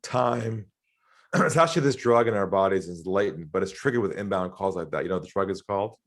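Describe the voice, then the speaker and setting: Fairly quick and low-voiced, a middle-aged Australian sales trainer tells interview anecdotes with lively energy. He acts out the voices he quotes and laughs frequently as he goes.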